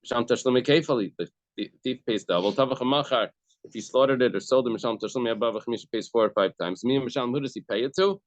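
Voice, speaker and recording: A man's voice: medium pitch, quick pace, no echo. A man teaching a Talmud class, explaining each case step by step and repeating key phrases. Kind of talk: daf yomi class explanation. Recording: dull, dry lo-fi recording.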